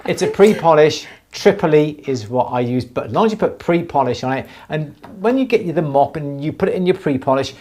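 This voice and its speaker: A man's voice: a little high, expressive, a little fast, few pauses, darkish tone, slight background noise. Man explaining jewellery polishing. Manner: enthusiastic, rambling explanations with restarts. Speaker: jewellery teacher, show host. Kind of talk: live Q&A stream.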